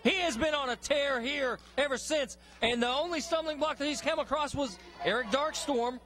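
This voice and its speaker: A man giving wrestling color commentary in a very high-pitched voice. His delivery is folksy and emphatic, with homespun phrases about the action. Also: moderate pace, pushed and bright, faint music behind.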